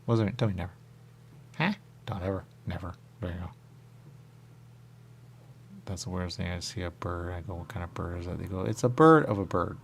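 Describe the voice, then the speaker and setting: Gravelly low-voiced man rambling. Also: fairly quick, pauses often, a little hiss or hum. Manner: rambling, repeats "there you go", jumps into squeaky high voices when quoting others. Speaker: radio show host. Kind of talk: rambling spiritual monologue. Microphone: radio studio mic.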